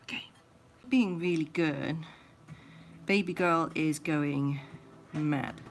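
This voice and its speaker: A woman livestreaming as she grooms her pet rabbit at home, talking in soft cooing baby talk and sometimes dropping to a whisper. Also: low voice, takes it slowly, slight background noise.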